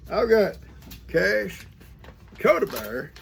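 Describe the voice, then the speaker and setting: His high, gravelly voice is very animated, and he draws his words out. This older man, a grandfather vlogger, reads viewer mail on a farm outside in a rambling, folksy manner, breaking off mid-sentence to speak to the grandkids.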